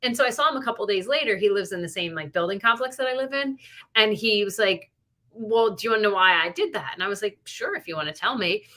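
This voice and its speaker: In a casual podcast chat, a middle-aged co-host tells rambling stories full of "like" and "you know." She speaks fast and expressively, her medium-pitched voice pushed and bright.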